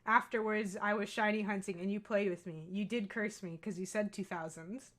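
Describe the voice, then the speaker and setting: A woman's voice: medium pitch, fairly even intonation, moderate pace. A woman streamer in casual let's-play chat, teasing her co-player, swearing and laughing often. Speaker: streamer playing a visual novel.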